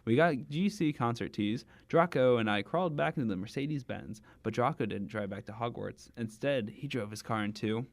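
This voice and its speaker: A man's voice: medium pitch, fairly quick, hardly any pauses, dry recording. A young man hosting a comedy read-through of fan fiction, giggling and stumbling over names with chatty asides. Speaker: host reading fan fiction aloud.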